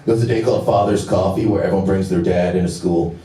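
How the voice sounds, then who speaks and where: A man in his thirties doing a crude, brash stand-up set with deadpan asides on a comedy club stage. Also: deep voice, fast, faint music behind. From United States. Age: 30s. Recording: roomy club audio from a distance. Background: audience laughter.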